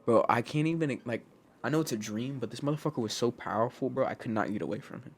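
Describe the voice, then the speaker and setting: A young man co-hosting a podcast, telling a story in a casual, animated way, swearing a lot and saying "bro" all the time. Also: medium pitch, fast talker, a little hiss or hum. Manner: animated, profane, says "bro" constantly. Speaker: podcast co-host.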